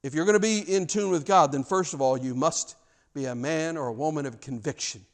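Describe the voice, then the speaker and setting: Man, pastor, sermon, earnest, stammering restarts, fairly high voice. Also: a little fast.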